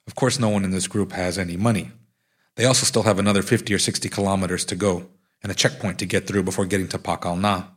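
Husky man reading his own memoir. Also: deep voice, fast talker. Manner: wry storytelling, steady narration. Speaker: author.

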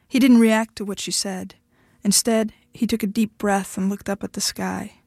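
A woman author reading her short fiction aloud in a measured storytelling manner. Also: mid-range voice, little pitch movement, creaky, dark tone, no room sound, studio quality.

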